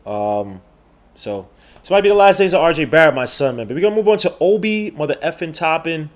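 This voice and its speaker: A man hosting a podcast in casual chat, slangy and rambling, swinging from loud outbursts to low mutters. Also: animated, a little fast. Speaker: podcast host. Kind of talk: casual live-stream chat.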